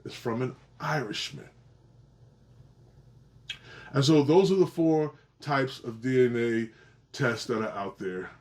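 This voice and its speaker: Animated middle-aged man explaining genealogy. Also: takes it slowly, long pauses. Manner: animated, repeats and restarts phrases, swings pitch for emphasis. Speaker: genealogy video host. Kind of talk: casual explanatory talk to camera.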